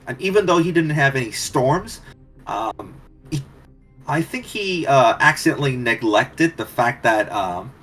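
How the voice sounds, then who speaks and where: Male caster, unhurried and hesitant, mid-pitched, soft music in the background. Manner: slow and hesitant, many fillers. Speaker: esports caster. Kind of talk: play-by-play casting.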